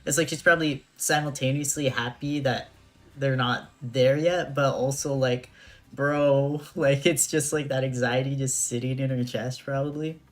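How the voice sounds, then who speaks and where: A woman's voice: very deep voice, steady tone, moderate pace. A young woman streamer chatting casually over a game, laughing often and talking in slang. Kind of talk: casual gameplay commentary.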